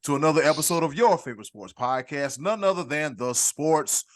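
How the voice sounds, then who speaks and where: A man hosting a casual sports podcast, rambling warmly and hyping up his co-hosts with big introductions. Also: on the high side, animated, fairly quick. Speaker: podcast host.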